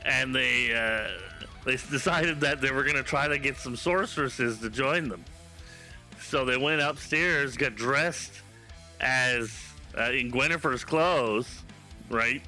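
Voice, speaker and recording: A man from Canada streaming games, chatting casually and telling stories in an animated, profane way. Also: medium pitch, takes it slowly, faint music behind. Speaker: game streamer. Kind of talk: casual live-stream chat.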